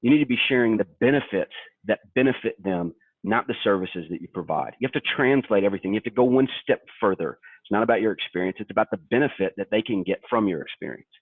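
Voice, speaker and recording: A man's voice: on the low side, animated, fast talker, dry recording. A younger man from Kentucky coaching brokers in a sales webinar, talking emphatically. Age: young adult. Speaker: webinar co-host and sales trainer. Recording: tinny dry phone line.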